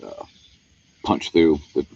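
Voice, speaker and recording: A man's voice: takes it slowly, warm tone, muffled recording, a little hiss or hum. A man hosting a nighttime outdoor livestream, chatting to viewers in a rambling, laid-back way as he walks around a wooded camp. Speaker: paranormal livestream host. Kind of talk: casual outdoor livestream chat. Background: crickets.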